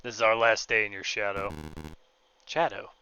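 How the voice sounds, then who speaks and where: Pyro villain, slow and menacing, bright edge, a gamer reading the lines. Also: male voice, lowish voice, level tone, lo-fi sound, soft background music. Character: cruel male flamethrower villain, boastful and menacing. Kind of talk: reading game dialogue aloud.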